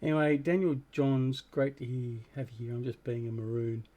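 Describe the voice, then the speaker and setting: A man's voice: medium pitch, fairly even intonation, moderate pace, dark tone. An Australian man chatting casually with viewers while hosting a gaming livestream, greeting people by name and joking about himself. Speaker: livestream host.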